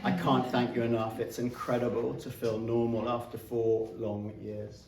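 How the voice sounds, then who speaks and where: British man, earnest read speech, flat delivery, heard from a distance in an echoey room. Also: medium pitch, moderate pace. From Britain. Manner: earnest, with light self-mocking laughs. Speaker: patient giving a graduation speech. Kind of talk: read-out thank-you speech. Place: clinic room with a small audience.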